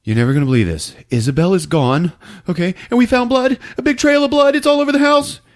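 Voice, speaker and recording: A man voicing a jittery, panicky grown man, his voice pitched high and flustered. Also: animated, quick pace, darkish tone, natural voice. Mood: panicked.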